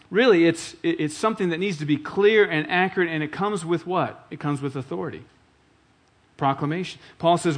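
Middle-aged man, pastor mid-sermon; emphatic, questioning the congregation, voice a touch high. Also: fairly bright tone. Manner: emphatic, repeats key phrases, asks the congregation questions.

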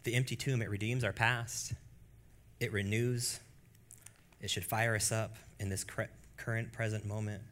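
A man preaching a church sermon with a bright, clear-edged voice. He drops into hushed, low stretches, then climbs into loud, high exclamations. The delivery stays lively and direct with the congregation. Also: normal speed. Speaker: pastor.

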